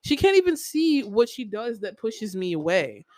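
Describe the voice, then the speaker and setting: A woman's voice: mid-range voice, big pitch swings, normal speed, a little mellow, no room sound, rough recording. A young adult woman hosting a podcast, venting in a casual personal monologue with many "like" fillers, repeating herself. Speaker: podcast host.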